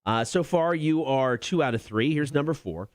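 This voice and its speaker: A man's voice: fairly high pitch, expressive, dry recording, clean studio sound. A man co-hosting a morning radio show, running a quiz segment with upbeat announcer delivery. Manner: upbeat announcer delivery, reads quotes slowly. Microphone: studio microphone.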